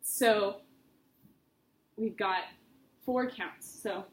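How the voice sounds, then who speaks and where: A woman's voice: medium pitch, very slow, faint music behind. A woman voice teacher giving a private singing lesson, chatty and encouraging as she explains with vivid images. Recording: roomy studio with faint noise.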